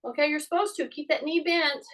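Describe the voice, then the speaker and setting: Older female fitness instructor, high voice, heard from a distance off the mic; coaches a class with repeated cues and playful ribbing. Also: fairly quick, fairly bright tone. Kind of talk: live online exercise class instruction.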